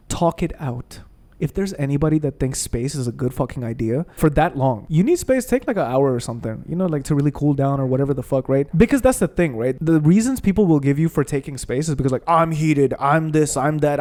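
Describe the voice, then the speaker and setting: Blunt, swearing man ranting over a game stream; a higher, warm voice. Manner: heated, profane, blunt. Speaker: gaming streamer. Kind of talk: ranting commentary over gameplay.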